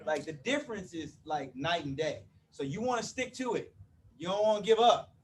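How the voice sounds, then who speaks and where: Before a live audience in an event room, a motivational speaker of about fifty stays playful and chatty, bantering and frequently checking in with "you with me?". His high-pitched voice is animated and moderately paced, recorded from a distance with slight background noise.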